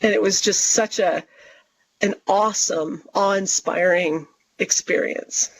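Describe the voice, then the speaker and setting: At a measured pace and in a medium-pitched voice, a woman guest author narrates a story on an interview show. She's animated, playfully quoting what she and others said, and the audio is dull and lo-fi.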